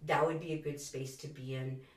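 A woman guest in a casual podcast chat, an animated storyteller who swears freely. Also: low voice, a little fast, reverberant, recorded from a distance.

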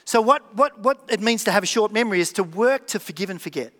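A man's voice: sits high, lively intonation, quick pace, fairly bright tone. A man preaching a conversational sermon, acting out little dialogues and repeating key phrases. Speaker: pastor. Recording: long reverb of a hall.

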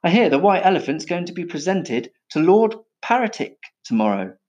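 A man's voice: high-pitched, big pitch swings, moderate pace, darkish tone, highs cut off, voice pushed up. Man doing a stern old firework master. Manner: stern, lofty, scolding. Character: stern proud older male firework maker.

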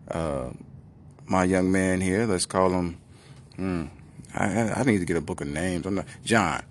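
A man telling a comic story in a slangy, animated way, acting out the characters. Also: sits low, a little hiss or hum.

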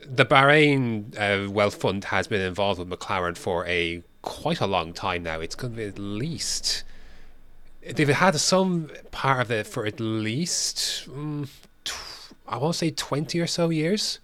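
A man's voice: lowish voice, expressive, a little slow, a bit bright. A man co-hosting a podcast in casual chat, rambling with many fillers and restarts. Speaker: podcast co-host.

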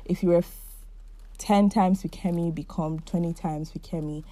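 A young woman in her early twenties hosts her own podcast, talking to listeners in a warm, chatty, heartfelt way. Her voice sits a little low and sounds soft and mellow, and the recording is dry and close. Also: fairly even intonation, normal speed, no room sound. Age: 20s. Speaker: podcast host. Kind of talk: casual solo monologue.

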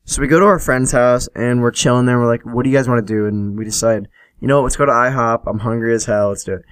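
A man's voice: mid-range voice, fast talker, smooth, no echo. Young man casually telling stories. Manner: casual, laughing, swears freely, acts out quotes. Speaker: podcast host. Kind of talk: solo storytelling podcast.

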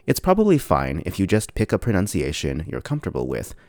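A man narrating a scripted podcast lesson in a measured, explanatory way, spelling words out slowly. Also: low voice, wildly swooping pitch, background noise. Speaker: podcast teacher.

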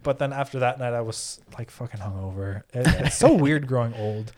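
A man's voice: mid-range voice, a little fast, a little mellow. A man chatting casually as a podcast co-host, rambling through a story with lots of fillers and swearing. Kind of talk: casual chat.

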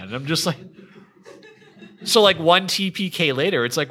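A man who runs tabletop games, telling lively stories from his sessions in a casual, laughing way. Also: a little high, fast, a crowd in the background. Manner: animated, laughs often, many restarts. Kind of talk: casual storytelling chat.

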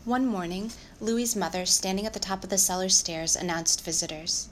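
A woman reading a children's novel aloud in a calm, measured storytelling voice. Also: medium pitch, a little hiss or hum, low-quality recording. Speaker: audiobook narrator. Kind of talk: audiobook narration.

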